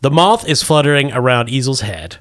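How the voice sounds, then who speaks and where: A man's voice: medium pitch, animated, a little fast, a bit bright, no echo. A man running a tabletop game as game master, loose and jokey.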